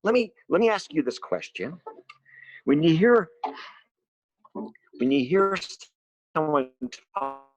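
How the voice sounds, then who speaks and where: A man teaching a music lesson to his students from home, explaining slowly and simply and asking them questions. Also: on the high side, lo-fi sound, slight background noise. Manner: slow, simple explanations with lively questions to children. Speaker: special education music teacher.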